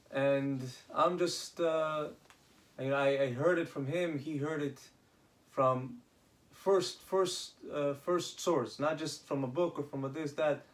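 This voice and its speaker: A man casually retelling rabbinic stories, halting, with many restarts and Hebrew terms. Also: medium pitch. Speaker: storyteller.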